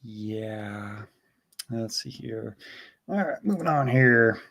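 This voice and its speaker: A man hosting a casual live stream, reading viewer messages aloud in a relaxed way, with fillers. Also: fairly low pitch, slow pace, gravelly.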